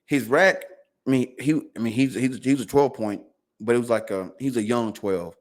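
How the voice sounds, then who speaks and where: A man's voice: mid-range voice, normal speed. A man guest on a podcast telling a long story in loose casual speech, acting out what his family said. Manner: animated, acts out quotes of family.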